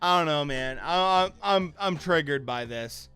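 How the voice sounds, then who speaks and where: A young man streaming a live reaction, angry and profane, shouting bursts that trail off into mutters. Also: a little high, lively intonation, a little slow, smooth, soft background music. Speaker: streamer reacting to a boxing fight.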